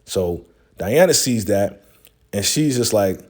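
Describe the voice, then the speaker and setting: A man's voice: lowish voice, expressive, takes it slowly. A man casually recapping a TV episode as host, in a slangy, laid-back retelling with lots of fillers.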